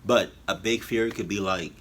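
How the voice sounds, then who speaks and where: A man giving halting, emotional commentary on a reaction video, full of fillers and restarts. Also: fairly low pitch, steady tone, a little hiss or hum. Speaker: YouTube reactor. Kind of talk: rambling heartfelt commentary.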